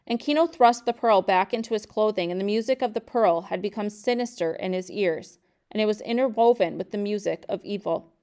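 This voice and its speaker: A woman reads a novel aloud at a calm, measured pace. Her voice is smooth and clear, sitting in a middle pitch, with an even, unhurried delivery. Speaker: reader of a novel.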